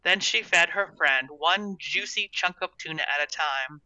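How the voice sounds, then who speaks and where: Bright, measured storybook narrator. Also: mid-range voice, no room sound, lo-fi sound. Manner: measured, expressive reading. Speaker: audiobook narrator.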